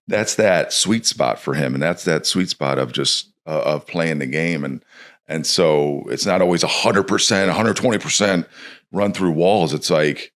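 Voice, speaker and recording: A man's voice: low voice, a bit bright. A man from Chicago, a former pro baseball player, talking casually as a podcast guest and acting out quotes as he speaks.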